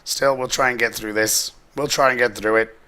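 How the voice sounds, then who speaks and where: A hoarse man whose voice keeps squeaking and giving out, chatting and joking as he plays through a story game. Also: steady tone, moderate pace, pushed and bright. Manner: jokey, chatty asides. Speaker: let's play host. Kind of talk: casual gameplay commentary.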